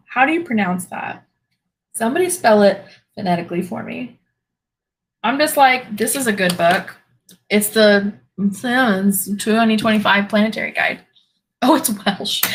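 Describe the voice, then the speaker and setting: Her mid-range voice is sing-song and fairly bright, moving at a moderate pace over a rough recording with a bit of background noise. She's the host of a spiritual live stream, talking casually, fielding questions from viewers, reacting to the chat, and laughing often.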